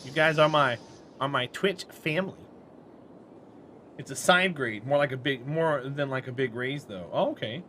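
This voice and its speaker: A man's voice: medium pitch, normal speed, fairly bright tone, a little hiss or hum. A man streaming a game and chatting casually with his viewers, friendly and talkative, answering chat by name and laughing often.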